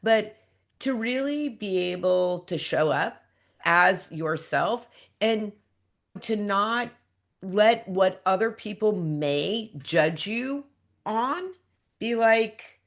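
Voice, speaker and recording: A woman's voice: medium pitch, expressive, takes it slowly. A woman hosting an interview podcast, speaking in an emphatic, motivational way. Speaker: podcast host.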